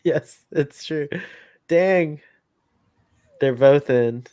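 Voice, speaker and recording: A man co-hosting a casual fan commentary podcast, excitable and quick to laugh. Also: a little high, clear, resonant tone, dry recording. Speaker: podcast co-host.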